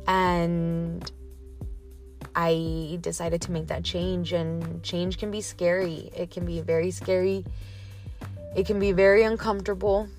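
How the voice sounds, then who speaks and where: A woman from Texas hosting her own podcast, talking candidly and a little shakily, loose with casual fillers. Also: on the low side. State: emotional, a little shaky. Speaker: podcast host. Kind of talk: casual solo podcast monologue.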